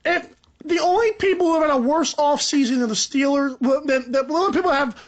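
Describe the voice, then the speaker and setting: High-voiced, animated young podcast host. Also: male voice, a little fast. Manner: animated, rambling, joking, pitch jumps up for emphasis. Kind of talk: solo sports podcast rant.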